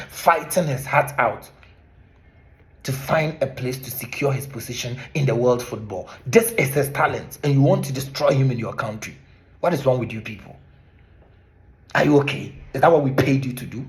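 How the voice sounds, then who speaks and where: A man from Ghana with a Ghanaian accent, a former teacher delivering an impassioned monologue to camera, scolding with repeated rhetorical questions. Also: mid-range voice.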